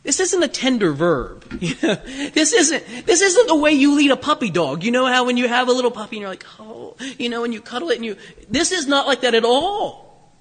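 A man's voice: extremely high pitch, big pitch swings, fairly quick, fairly bright tone, slightly rough. A man preaching a sermon in a conversational way, full of jokey asides and frequent "you know"s. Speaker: pastor. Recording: reverberant hall.

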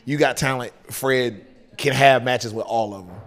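A man's voice: medium pitch, normal speed, fairly bright tone. A man with a Southern US accent chatting casually as a podcast guest, rambling with lots of fillers and restarts. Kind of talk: casual chat. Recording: long hall reverb.

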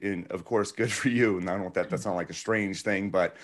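A man's voice: deep voice, steady tone, a little fast. A man hosting a podcast interview, talking with enthusiasm and affirming his guest, with lots of fillers. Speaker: podcast host. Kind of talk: casual interview talk.

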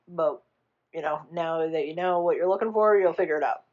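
A woman with a lower-pitched voice rambles through a film's plot as a podcast co-host in casual chat, the recording muffled. Her retelling is animated, full of quick put-on character voices and swearing.

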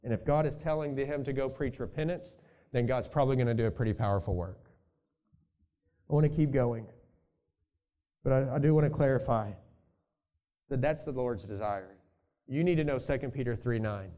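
Guy preaching to his church, chatty and thinking out loud, mellow warm voice. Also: medium pitch, moderate pace, pauses often. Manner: conversational, thinking aloud with asides. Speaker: pastor. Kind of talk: sermon.

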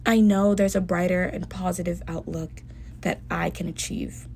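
A woman's voice: fairly low pitch, steady tone, moderate pace, creaky, slight background noise. A young woman hosting a podcast, speaking earnestly and emotionally in a personal monologue. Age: young adult. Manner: earnest, heartfelt self-talk with soft dips. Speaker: podcast host.

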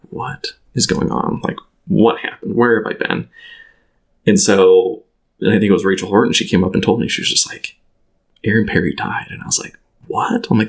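A man in his thirties telling a personal story as a guest in a casual chat, halting and full of "like" fillers and restarts. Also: low-pitched, vocal fry. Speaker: podcast guest.

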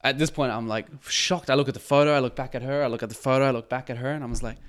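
A middle-aged man chats on a casual livestream, his voice smooth and resonant at an ordinary mid pitch. He reads out viewer comments and tells stories in an earnest, chatty way, often restarting his sentences. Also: fast talker, fairly bright tone. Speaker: photographer hosting a live Q&A.

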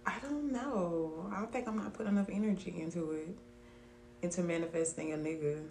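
A young woman co-hosting a podcast, loud, laughing and profane in casual chat. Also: lowish voice, fairly quick. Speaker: podcast co-host. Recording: roomy echo, faint hum.

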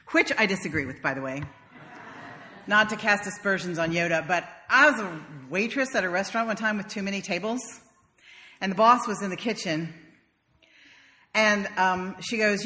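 A woman's voice: mid-range voice, normal speed, pauses often, sharp tone, long reverb tail. A woman minister from the South, preaching a sermon in a wry, conversational storytelling manner. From American South.

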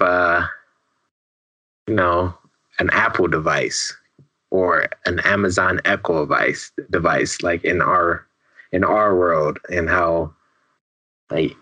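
Low-voiced man in laid-back recap chat. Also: sharp tone. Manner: laid-back, filler-heavy, laughs often and swears. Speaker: podcast co-host. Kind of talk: casual movie recap chat.

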